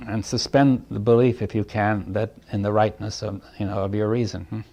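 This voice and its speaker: A man giving a reflective talk to a group, thinking aloud in halting phrases, checking in with "right?" and chuckling lightly between points. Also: fairly low pitch, little pitch movement, creaky, warm tone. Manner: thoughtful, halting, often asks "right?". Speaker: speaker leading a group dialogue.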